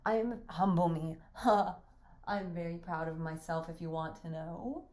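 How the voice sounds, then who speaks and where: A woman's voice: on the low side, a little slow, darkish tone, voice pushed down. Bertha, read by a woman, proud and bitter. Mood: defiant. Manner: bitter and defiant, rising to anger. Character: proud, wounded young wife, fiercely defiant. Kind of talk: reading a stage play aloud.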